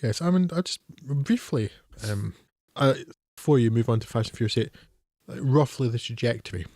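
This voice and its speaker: A man's voice: medium pitch, lively intonation, moderate pace, mellow, dry recording, clean studio sound. A man co-hosting a film podcast, talking in a wry, hesitant way with many fillers. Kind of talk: casual film discussion.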